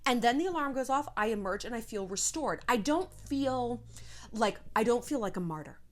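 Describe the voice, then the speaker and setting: Youtuber lady ranting about time mgmt, bouncy pitch all over the place, kinda breathless and sighing. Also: moderate pace. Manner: frank, animated, swears, slips into quoted voices. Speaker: YouTuber giving life advice. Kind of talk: casual advice vlog.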